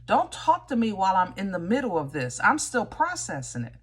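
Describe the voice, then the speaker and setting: A woman's voice: medium pitch, huge pitch swings, a little fast, fairly bright tone, breathy edge. A woman giving a casual tarot reading to viewers, chatty and direct, often teasing with "you know?" and "okay?". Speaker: tarot reader.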